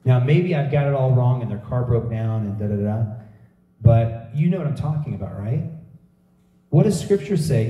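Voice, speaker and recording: A middle-aged man preaching a sermon, telling stories and acting out quotes with lively emphasis. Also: medium pitch, normal speed. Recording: echoey room heard from a distance.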